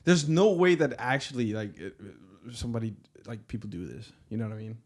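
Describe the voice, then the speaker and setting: A man's voice: medium pitch, sing-song, fairly quick. A man co-hosting a podcast in casual chat, teasing his friend, laughing often and swearing. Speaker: podcast co-host.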